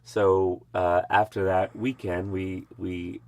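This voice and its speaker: Man, 50, very low and gravelly, telling a personal story haltingly. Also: little pitch movement. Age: 50s. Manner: halting, many fillers. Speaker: interviewee, musician.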